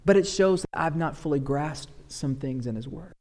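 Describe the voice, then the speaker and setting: A male pastor preaches in a church sanctuary, his fairly high voice carrying a long hall reverb. He swings between loud, pleading outbursts and quiet, low-spoken stretches. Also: normal speed. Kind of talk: sermon.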